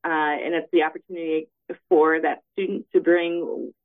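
A woman's voice: low-pitched, little pitch movement, moderate pace. A woman who directs university housing, speaking in a phone interview and explaining things with frequent fillers. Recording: tinny phone line.

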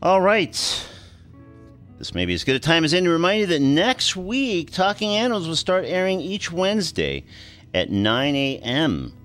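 A man hosting a radio talk show in a studio, lively and hesitant with many fillers. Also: on the high side, moderate pace, faint music behind.

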